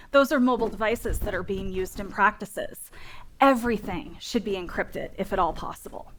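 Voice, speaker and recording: A woman's voice: fairly high pitch, a bit bright. A woman in her thirties giving a humorous, direct conference talk to an audience in a meeting room. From Northern California. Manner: humorous, self-deprecating, direct. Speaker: keynote speaker on dental data security.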